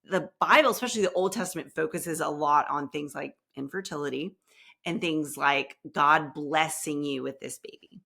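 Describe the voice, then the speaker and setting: A woman therapist speaking as a podcast guest, expressive and emphatic, acting out what people said to her. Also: deep voice, gravelly. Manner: expressive, acts out quotes, emphatic. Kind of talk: casual interview chat.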